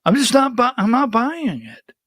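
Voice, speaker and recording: A man's voice: very high voice, wildly swooping pitch, moderate pace, fairly bright tone, dry recording, clean studio sound. A man hosting a political livestream, talking bluntly and skeptically in rambling asides. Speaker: political talk show host. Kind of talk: opinionated livestream commentary.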